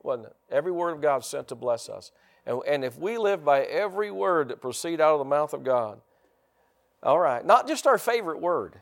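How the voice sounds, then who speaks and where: Male pastor, emphatic call-and-response sermon, a touch higher voice than most men, drags out key words. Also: very animated, gravelly. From United States. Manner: emphatic, call-and-response preaching with repeated phrases; slows down to stress key words.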